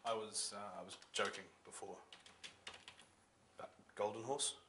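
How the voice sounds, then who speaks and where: An actor with a New Zealand accent playing an earnest young man who talks haltingly. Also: fairly low pitch, steady tone, creaky, bright, forceful tone. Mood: sheepish. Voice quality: halting, hesitant. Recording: distant, noisy mic.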